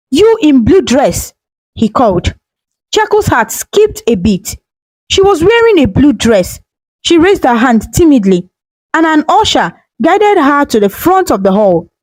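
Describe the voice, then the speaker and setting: A woman storyteller narrating a scripted folktale in a steady, dramatic way on a close microphone. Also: high voice, dry recording, low-quality recording.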